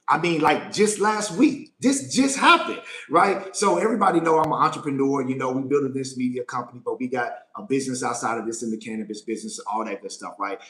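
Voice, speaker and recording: A man's voice: fairly high pitch, reverberant. A man, giving a live motivational Q&A talk as a life coach, emphatic and often asking "right?". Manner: emphatic, repeats phrases and asks "right?" often.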